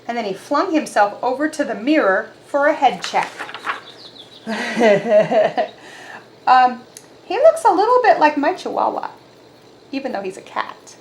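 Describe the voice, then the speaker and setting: A woman reads a picture book aloud for children with animated, expressive storytelling. Her fairly high voice rises and falls freely. The recording is roomy, with a faint hum behind it. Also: measured pace, long pauses.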